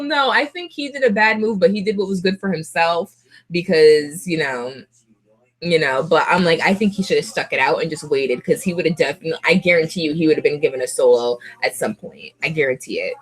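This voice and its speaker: A young woman vlogger of Puerto Rican heritage chatting casually to camera, laughing often and gushing like an excited fan. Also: fairly low pitch, a little fast.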